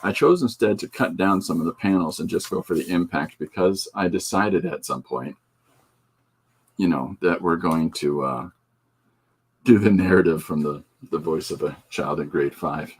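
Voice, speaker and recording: Male comic artist hosting his own show: rambling, joking delivery, somewhat low and husky. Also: normal speed. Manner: rambling, joking, with many fillers and asides. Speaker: comic artist and podcast host. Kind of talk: casual rambling chat while showing artwork.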